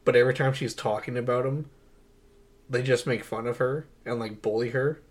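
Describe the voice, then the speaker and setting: A man's voice: mid-range voice, steady tone, moderate pace. Young male podcast co-host, eager and rambling, casual movie talk, laughs a lot. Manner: enthusiastic, rambling, laughs often. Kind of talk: casual movie review chat.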